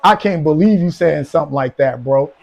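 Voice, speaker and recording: Streamer, male, higher register, loose rambling banter with chat, chuckles a lot. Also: fairly quick, vocal fry. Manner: rambling, repeats "man" and "you know what I'm saying"; teasing, chuckling often. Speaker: gaming live streamer.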